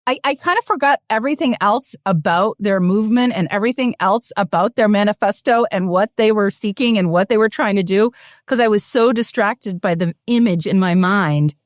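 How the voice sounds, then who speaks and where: A woman chats on a podcast panel, animated and amused as she tells a story. Her voice sits in a middle range. The sound is dry and close. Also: medium pitch, brisk, no echo. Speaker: podcast co-host. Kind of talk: casual panel chat.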